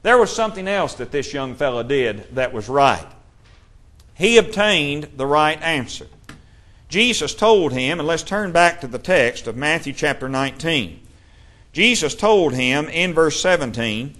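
A man preaching a sermon, reading scripture passages aloud in a measured way. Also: fairly high pitch, expressive, bright, forceful tone.

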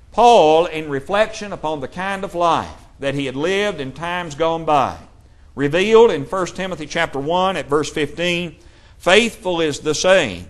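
A man preaching a sermon, reading scripture passages aloud in a measured way. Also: on the high side.

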